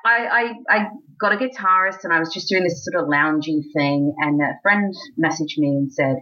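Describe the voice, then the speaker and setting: This Australian woman in her forties is a burlesque singer and host, telling stories in a casual interview. Her voice is low-pitched at a moderate pace, with a lo-fi sound. She's a chatty, lively storyteller who restarts often and acts out quotes.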